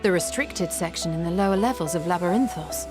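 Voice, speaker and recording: A woman plays a grave game character laying out secret matters in a serious, explanatory tone. Her voice sits on the low side, with game music clearly behind. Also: brisk, darkish tone, lightly acted.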